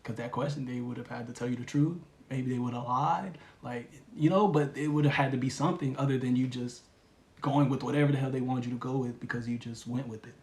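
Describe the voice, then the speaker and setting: A man giving a casual spiritual reading, talking in a relaxed, rambling way with slang and lots of fillers. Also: mid-range voice, fast, reverberant, a little hiss or hum. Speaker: tarot reader.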